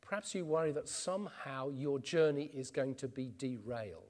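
A man's voice: mid-range voice, lively intonation, normal speed, darkish tone. A man preaching an earnest expository sermon. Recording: long reverb in a church hall.

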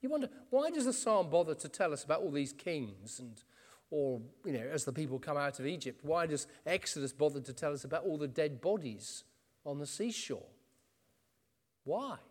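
A man's voice: fairly high pitch, very animated, normal speed. A man preaching an earnest expository sermon. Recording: long reverb in a church hall.

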